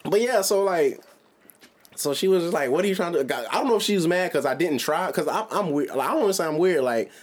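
A man's voice: fairly high pitch, brisk. A man in his twenties, a podcast co-host, telling a story in casual chat, swearing freely and laughing as he goes. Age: 20s. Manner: animated, profane, laughs through his own story.

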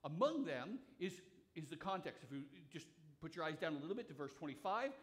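A man's voice: a little high, big pitch swings, fairly quick, fairly bright tone. A man preaching a sermon as a pastor, explaining a text in a conversational way with frequent restarts and repeated words. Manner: conversational, thinks aloud.

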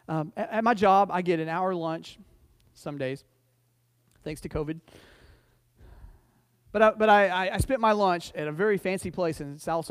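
High-voiced folksy pastor preaching. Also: male voice, no echo, clean studio sound. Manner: folksy and joking, restarts and repeats words, rising to emphatic points. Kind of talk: conversational sermon with storytelling. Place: church sanctuary.

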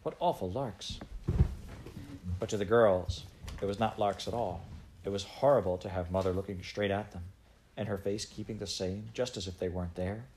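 A man reading a children's novel aloud in an unhurried, gently expressive way. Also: low voice, a little hiss or hum. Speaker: audiobook reader.

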